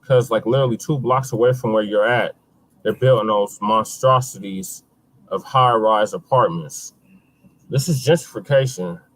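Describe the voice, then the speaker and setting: A co-host on a casual livestream who speaks calmly and reasons patiently, pushing back with steady arguments. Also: medium pitch, moderate pace, poor audio.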